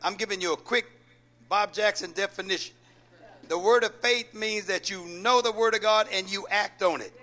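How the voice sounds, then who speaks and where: A man's voice: sits high, normal speed, pushed and bright. A man preaching a sermon, calling out questions for the congregation to answer and repeating key lines. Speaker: pastor. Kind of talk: call-and-response sermon.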